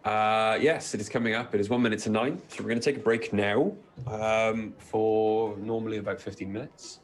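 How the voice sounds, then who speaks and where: A man narrates a tabletop roleplaying game as game master. His voice sits fairly low. He talks in a measured, hesitant way, with many ums. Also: steady tone. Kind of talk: narrating a tabletop game and addressing stream viewers.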